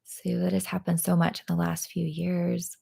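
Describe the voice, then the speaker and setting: A woman leading a live guided tapping session, talking in a gentle, encouraging way with many pauses and fillers. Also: lowish voice, completely flat delivery, creaky, breathy edge. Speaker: EFT tapping practitioner.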